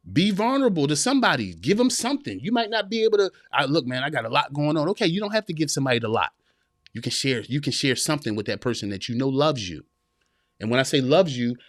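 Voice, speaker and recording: A man's voice: mid-range voice, a bit bright, dry recording, studio quality. A man in his thirties hosting a podcast livestream, giving earnest, preachy advice to men and repeating his points. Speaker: podcast host. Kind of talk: livestream motivational talk.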